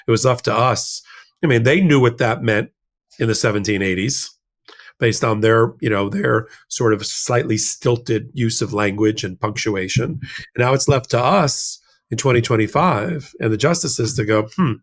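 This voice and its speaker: A man's voice: mid-range voice, normal speed. Emphatic American man explaining law. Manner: explanatory, emphatic, uses rhetorical asides. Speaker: legal commentator, co-host. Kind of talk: casual analytical discussion.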